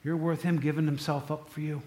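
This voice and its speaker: A man's voice: on the high side, little pitch movement, fairly quick, mellow, roomy sound. A man preaching a sermon, telling stories in a loose, conversational way with asides to the congregation. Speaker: pastor.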